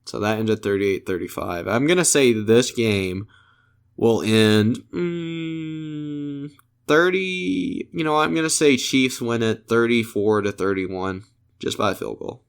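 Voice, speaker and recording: A man's voice: medium pitch, expressive, takes it slowly, smooth. A man co-hosting a casual sports podcast, laughing often and swearing casually. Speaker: podcast co-host.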